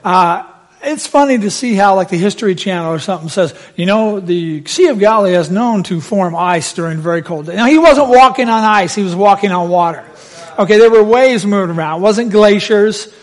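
A man preaching a sermon, telling the story with lively, acted-out voices. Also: high-pitched, fairly quick.

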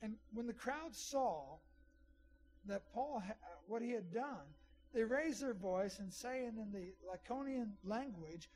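A man's voice: high-pitched, animated, slow pace, a little mellow. A middle-aged man preaching a sermon in a conversational way, with asides to the congregation. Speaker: pastor.

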